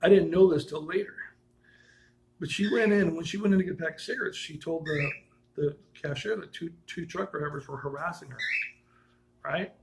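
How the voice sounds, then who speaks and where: A man with a gravelly, fairly high voice tells his own stories in a loose, casual way. He wanders, restarts sentences and corrects himself, chuckling now and then as he talks. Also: brisk, a little hiss or hum, rough recording. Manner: rambling, with frequent restarts and self-corrections; chuckles while telling stories. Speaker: vlogger telling personal stories. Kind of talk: casual personal storytelling.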